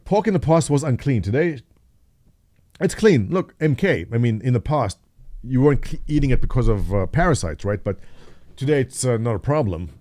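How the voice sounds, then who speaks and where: A man's voice: mid-range voice, very animated, moderate pace, a little mellow, no room sound. A man in his thirties, host of a livestream, chatting casually and jokingly, answering viewers by name. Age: 30s. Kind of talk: casual chat with live chat readers.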